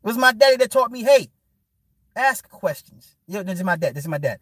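A man giving an unscripted, profane monologue, swinging from a low mutter to a loud, preachy rant. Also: expressive, very fast, no room sound, studio quality.

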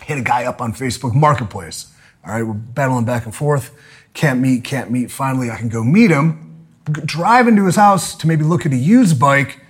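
A man telling a profane, angry comedic story, swearing and bursting into loud outbursts. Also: mid-range voice, moderate pace, husky. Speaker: podcast guest telling a story.

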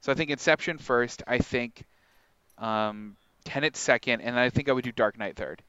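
Male podcast co-host, smooth resonant voice, slightly dull and dry recording, chatty. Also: mid-range voice, moderate pace, sharp tone, dry recording. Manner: chatty, many filler likes. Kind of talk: casual movie podcast chat.

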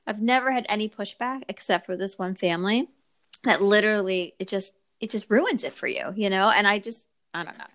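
Woman photographer in a relaxed podcast, mid-pitched, animated storyteller. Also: fairly quick. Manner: animated storytelling, acts out quoted people. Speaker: wedding photographer. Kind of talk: casual podcast chat.

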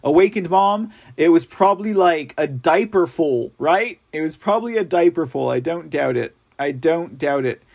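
Chatty, high-voiced male stream host. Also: animated, moderate pace, creaky, few pauses. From Texas. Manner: chatty, reads and answers viewer comments, frequent laughs. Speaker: livestream news show host. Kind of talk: casual live-chat talk.

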